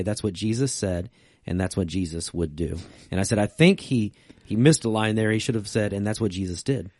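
A man with a lowish voice co-hosts a casual church chat, reading scripture and book passages aloud between comments. The sound is dry and close, with no room around it. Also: fairly quick, warm tone, no echo. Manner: reads scripture and book quotes aloud, conversational. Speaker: co-host.

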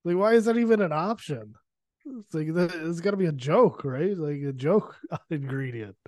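Co-host: American man, animated anecdotes, a bit higher pitch. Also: moderate pace, no room sound, studio quality. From United States. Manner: animated storyteller, sarcastic. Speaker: podcast co-host. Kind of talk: casual chat.

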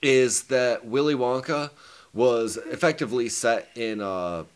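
A man's voice: medium pitch, measured pace, clean tone. A man co-hosting a casual movie podcast, talking loosely with frequent swearing and laughter. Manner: loose, profane, laughing often. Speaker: podcast co-host.

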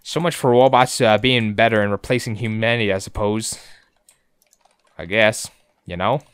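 A man's voice: on the low side, normal speed, smooth, no room sound. A man co-hosting a podcast, recapping episodes in a joking, profane, rambling way. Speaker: podcast co-host. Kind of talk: casual recap chat.

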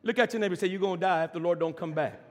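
Preacher, male, high voice, big swings from shouts to hushes, long hall reverb. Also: racing. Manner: preaching with wide swings from shouting to near whisper. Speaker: pastor. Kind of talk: sermon.

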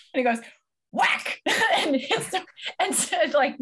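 A woman co-hosting a casual podcast chat, telling a story with animated quoted voices. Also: extremely high pitch, measured pace. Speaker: podcast co-host.

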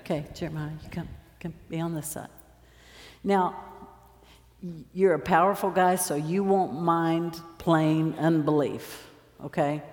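A woman's voice: low voice, measured pace. Woman preaching in an echoey hall. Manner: lively storytelling, acts out scenes. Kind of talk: sermon with stage demonstration. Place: large church hall. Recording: roomy echo, long hall reverb.

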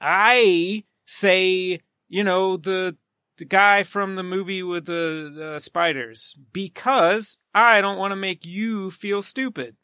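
This is a man co-hosting a film podcast in loose, casual banter. His voice sits high and bright, and his jokes come out sarcastic and mock-arrogant. The sound is dry and close. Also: fairly even intonation, slow pace, clean tone, no echo. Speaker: podcast co-host.

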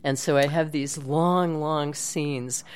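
A woman, a voice actress and guest, telling stories in a relaxed interview chat and laughing often. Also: low-pitched, takes it slowly. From United States. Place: home studio.

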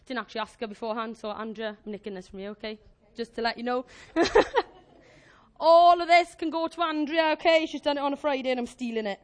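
A woman preaches to her congregation in a lively, jokey way, acting out her points with props and volunteers. Her voice sits very high, bright and animated throughout. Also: fairly quick. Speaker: church speaker. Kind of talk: informal sermon with live demonstration.

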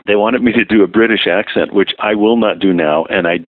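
A man, a voiceover artist, chatting casually as an interview guest, relaxed and self-deprecating with hesitant fillers. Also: fairly low pitch, a little fast, no echo. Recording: dry, tinny phone-like line.

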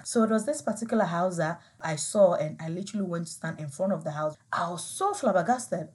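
A young woman from Ghana with a Ghanaian accent, telling a personal story to camera in an animated, emotional way, laughing often. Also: medium pitch, a little fast, hardly any pauses. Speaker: vlogger.

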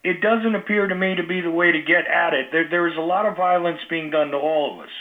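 A man's voice: fairly high pitch, steady tone, fast. A man hosting a talk show, speaking casually with many fillers and restarts. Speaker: radio talk show host. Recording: tinny phone-line audio.

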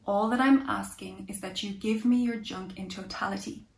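A woman voicing a calm, kind, resolute man with scarred hands, speaking in a hushed, gentle way. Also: mid-range voice, normal speed, gravelly, a little hiss or hum, close to an everyday voice. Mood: gentle, steady. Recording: echoey room.

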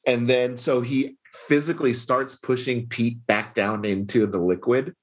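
A man's voice: mid-range voice, steady tone, measured pace. A man casually recapping a story on a podcast, chatty, laughing often and swearing freely. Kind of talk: casual comic book recap.

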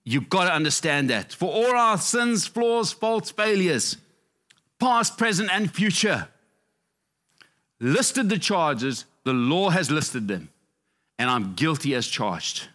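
Middle-aged male pastor, fervent sermon, keeps hammering his points, swings from high peaks to quiet low asides. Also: very animated, slow pace. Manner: passionate, repetitive emphasis, swinging up and down in pitch.

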